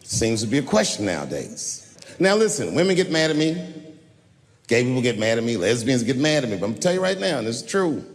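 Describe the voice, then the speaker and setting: A man doing a stand-up comedy set, telling loose stories and breaking into sudden shouts before a laughing crowd. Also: medium pitch, fast, long reverb tail. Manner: loose, animated storytelling with sudden shouts and put-on voices. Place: stage before a laughing audience.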